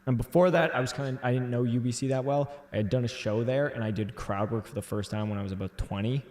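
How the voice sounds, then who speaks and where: A young man co-hosting a casual late-night chat, telling stories excitedly with loud whoops. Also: medium pitch, fast. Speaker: comedian co-host. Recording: echoey room.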